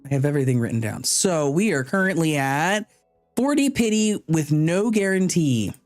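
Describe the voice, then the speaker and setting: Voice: mid-range voice, lively intonation, moderate pace, no echo, soft background music. A streamer giving casual live commentary on a game, chatty and thinking aloud, sometimes stumbling over unfamiliar names.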